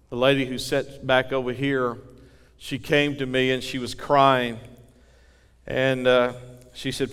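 A man preaches with fervent, folksy conviction, his pastor's voice sitting at an ordinary middle pitch. The sermon rings with a long reverb from the church hall around him. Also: fairly even intonation, moderate pace, fairly bright tone, clean tone. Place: church sanctuary.

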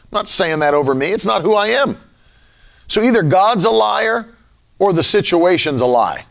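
A man preaching an online sermon with emphatic, repeated declarations and a fast, energetic delivery. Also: high voice, vocal fry. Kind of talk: livestreamed sermon.

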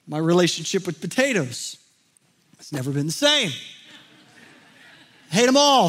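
Bright high-voiced man telling a story. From Texas. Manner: animated storyteller, acts out quotes, many fillers. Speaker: speaker. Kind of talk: storytelling talk.

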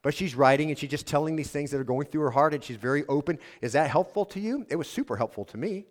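A man preaching a sermon, earnestly asking his congregation questions and reading a letter aloud in a softer tone. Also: on the high side, animated, quick pace. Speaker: pastor.

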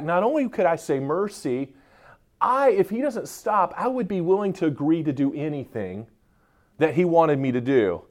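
A man's voice: sits high, darkish tone. A man speaking at a conference in front of a live audience, joking and bantering with the people in the room.

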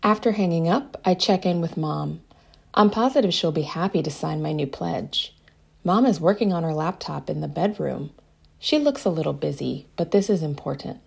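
Gravelly-voiced woman reading a story. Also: low-pitched, lively intonation, moderate pace, a little mellow. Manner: first-person storytelling as a young girl. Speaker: narrator. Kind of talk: reading a children's story aloud.

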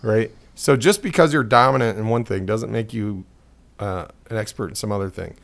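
A man's voice: fairly low pitch, normal speed, creaky. A man co-hosting a casual podcast chat, rambling through jokes and opinions and laughing often. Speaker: podcast co-host.

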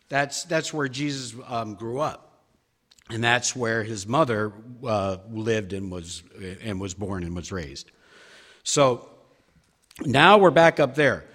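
A man of middle pitch leads a church Bible study, stepping through slides as he talks. His delivery is conversational and emphatic, full of fillers and restarts. The sound carries a long reverb from a large church hall. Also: fairly bright tone. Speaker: Bible class teacher.

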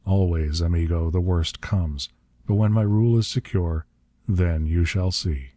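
A frail old ruler speaks with mild, benign calm that hides cold menace, as a man reads him in an audiobook. The voice sits very low and dark. The sound is close and dry. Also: measured pace, dry recording. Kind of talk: audiobook narration.

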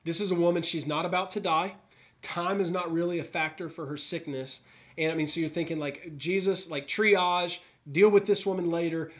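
A man's voice: sits high, steady tone, normal speed, fairly bright tone. Earnest man preaching a sermon. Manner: earnest storytelling, voicing characters' thoughts. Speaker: pastor. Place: New York.

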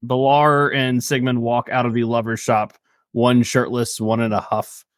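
A man's voice: mid-range voice, level tone, normal speed, dry recording. A man narrating as game master of a tabletop game, casual and rambling. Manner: casual, rambling, laughs often.

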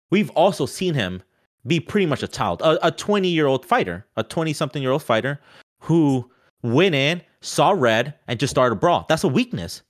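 A man talking fast and loose in a casual sports chat, restarting his sentences and leaning on "like" as a filler. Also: a little high. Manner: animated, restarts often, many "like" fillers.

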